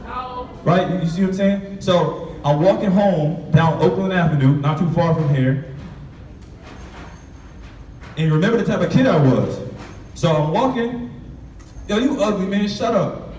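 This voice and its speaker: A man's voice: fairly high pitch, expressive, measured pace, pauses often, dark tone, a little hiss or hum. A young man telling a candid, street-styled personal story to students, acting out the voices of his past. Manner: candid, street-inflected storytelling with acted-out quotes. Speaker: author speaking to students. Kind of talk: motivational storytelling talk. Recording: echoey room from far off.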